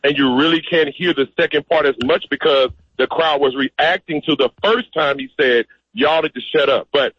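A man calling into a radio show, forceful and insistent in his account, with a fairly high voice. His voice is husky and comes through a muffled, lo-fi line. The sound is dry. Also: moderate pace, few pauses, no echo. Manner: emphatic, direct, insistent. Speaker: interview guest. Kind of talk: phone-in interview.

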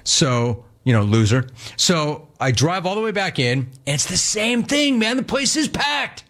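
A man's voice: high voice, sing-song, a little slow, fairly bright tone. A man hosting a show, telling a casual story and acting out both sides of each conversation. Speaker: host.

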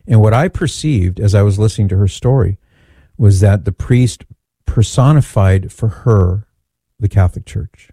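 A man telling a personal story in an earnest, measured way, often repeating phrases for emphasis. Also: on the low side, mellow, breathy edge, no echo.

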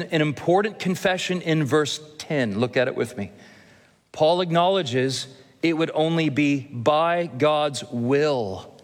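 A male pastor preaching an earnest expository sermon, slowing down to stress key phrases. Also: medium pitch. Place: church sanctuary. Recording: long hall reverb.

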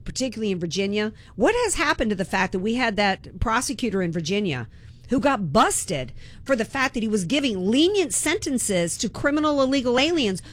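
Impassioned woman talk radio host. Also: fairly high pitch. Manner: impassioned, indignant, repeats words when worked up. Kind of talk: political talk radio monologue.

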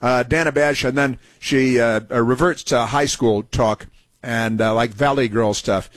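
A man's voice: mid-range voice, moderate pace, dry recording. A man hosting a political talk show, talking in a sarcastic, mocking way with many filler words. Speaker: talk radio host.

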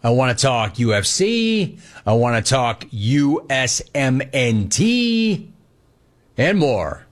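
A man's voice: mid-range voice, sing-song, slow. A man hosting a sports talk radio show, giving a sarcastic and emphatic monologue.

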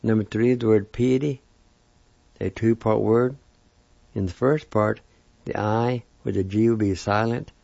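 A man gives a pronunciation lesson in a very slow, careful voice, repeating each word. His voice is dark and gravelly. The recording is dry and dull, with a lo-fi tone. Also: fairly low pitch, fairly even intonation, no room sound. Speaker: language teacher.

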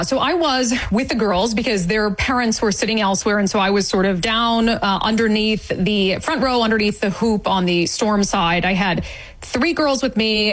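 A woman guest recounting an event in an interview, indignant and animated, acting out quoted remarks. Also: mid-range voice, rough recording. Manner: indignant, storytelling with quoted asides. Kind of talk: animated eyewitness account.

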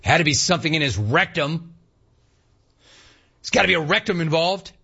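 A man's voice: fairly high pitch, normal speed, vocal fry, breathy edge, muffled recording. A man hosting a radio talk show, riffing animatedly and reading listener emails aloud. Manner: animated, riffing, mock-incredulous. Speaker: radio host.

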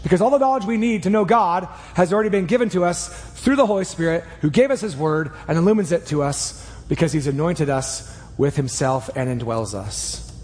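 A man preaching a sermon in a church, earnest and emphatic, speeding up and slowing down as he drives each point home. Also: on the high side, expressive, a little mellow, big-room sound. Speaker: pastor. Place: church sanctuary. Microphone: clip mic.

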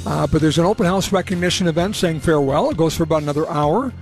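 A man's voice: fairly high pitch, fast, a little mellow, faint music behind. A man hosting a radio talk show on location at an indoor event, chatting casually and rambling a little. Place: indoor event at a city hall.

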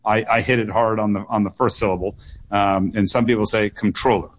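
A political candidate answering questions on a call-in radio show, earnest and measured, often repeating words and pausing on fillers. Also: male voice, on the low side, steady tone. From United States.

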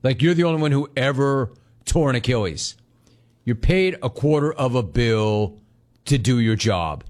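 A man hosts a sports talk radio rant, his mid-range voice moving at normal speed with lively intonation. He's sarcastic and mocking toward the people he discusses, swinging between shouting and mimicry.

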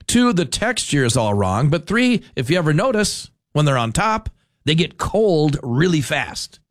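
A man's voice: a little high, measured pace, no echo, studio quality. A man hosting a talk radio show, rambling and correcting himself in casual chat. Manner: rambling, animated, self-correcting.

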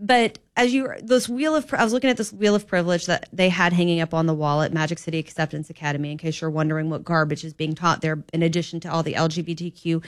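A woman's voice: deep voice, fast, hardly any pauses, dry recording. Chatty talk-radio woman, dry studio sound. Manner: chatty, animated, rising to emphatic indignation. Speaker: fill-in radio show host. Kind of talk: opinionated talk radio monologue.

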